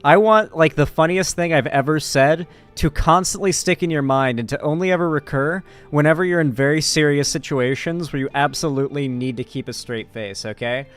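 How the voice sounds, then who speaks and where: A man's voice: a little high, brisk, few pauses, clean tone, soft background music. Joking streamer man reading chat. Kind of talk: casual live-stream commentary.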